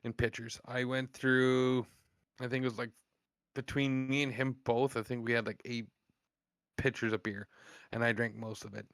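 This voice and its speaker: A man telling profane stories in a casual podcast chat, animated and blunt. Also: mid-range voice, normal speed, pauses often, dry recording. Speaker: podcast host.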